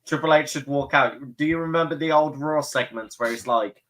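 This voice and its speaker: A man's voice: fairly high pitch, normal speed. Man retelling moments with acted quotes. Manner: animated storyteller, acts out quotes. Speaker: podcast co-host. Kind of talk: casual wrestling chat.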